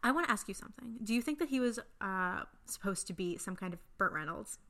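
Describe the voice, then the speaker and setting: Chatty young woman with a bright voice. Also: mid-range voice, fast talker. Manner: relaxed, chatty, leads the segments. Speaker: podcast co-host. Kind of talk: casual podcast chat.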